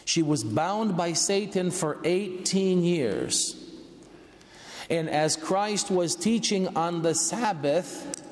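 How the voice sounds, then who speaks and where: A man preaching a sermon to his congregation in a large church, slow and earnest, rising for emphasis. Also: high-pitched. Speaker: priest. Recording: echoey church from a distance.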